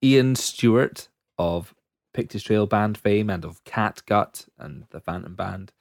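A man's voice: on the low side, slow, creaky, no echo, clean studio sound. A man co-hosting a podcast in casual chat, joking and laughing often as he rambles through lists. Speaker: podcast co-host.

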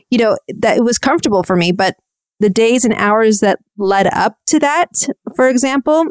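A soft-spoken woman in her thirties hosts a podcast and tells an old story in a chatty, self-deprecating way. Her voice is smooth and clear, and the recording is dry and close with no room sound. Her pitch sits in a middle range. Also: no echo. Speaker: podcast host. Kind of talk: casual storytelling recap.

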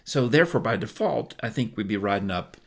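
A man's voice: on the low side, animated, fairly quick, vocal fry. A man co-hosting a podcast, chatting casually and wandering into side stories. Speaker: podcast co-host. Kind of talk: casual chat.

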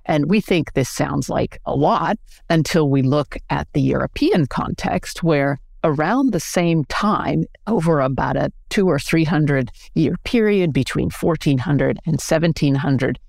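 An American woman, a history professor, explaining things in a clear, measured lecturing manner during an interview. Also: low voice, animated, darkish tone, dry recording, clean studio sound. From United States.

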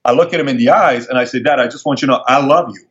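A man telling a personal story as an interview guest, animated and acting out the people he quotes in a higher voice. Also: rapid-fire. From Middle East. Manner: animated, acts out quoted dialogue in raised voice. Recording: dull lo-fi sound.

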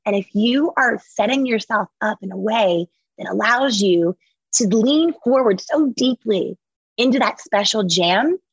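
A woman author and entrepreneur, speaking as an interview guest in an energetic, emphatic, motivational way. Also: mid-range voice, measured pace, breathy edge, no echo, dull audio. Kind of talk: conversational interview.

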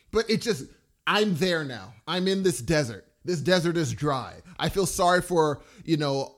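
A man chatting casually about a film he just saw, rambling and enthusiastic. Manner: animated, rambling and enthusiastic, with big pitch jumps. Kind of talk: casual movie chat.

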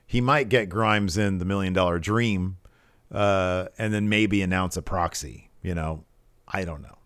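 A man's voice: deep voice, a little slow, a bit bright, no room sound. A man co-hosting a casual wrestling chat show, laid-back, laughing easily and reading out fan questions. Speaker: podcast co-host.

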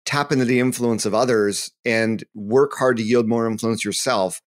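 A man's voice: medium pitch, steady tone, normal speed. A man appears as a guest on a live interview show. He speaks earnestly, in a mid-range voice, and gives advice with an occasional filler. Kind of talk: interview answers.

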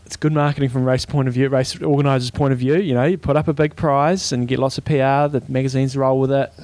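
A man with a New Zealand accent co-hosting a podcast, talking in a relaxed, chatty way with frequent "um" fillers. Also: mid-range voice, quick pace, no room sound. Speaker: podcast co-host. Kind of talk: casual chat.

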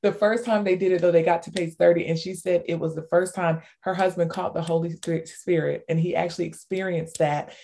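A woman author as an interview guest, telling stories with lots of fillers and bursts of excitement. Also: lowish voice, a little fast, gravelly, few pauses. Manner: animated storyteller, many fillers, squeals in retold cheers. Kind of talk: casual interview talk.

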